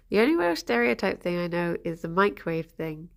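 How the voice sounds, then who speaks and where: A woman's voice: fairly low pitch, sing-song, a little fast, creaky, hardly any pauses. A woman streamer chatting casually on a livestream, answering her chat and cooing to her pet rabbits.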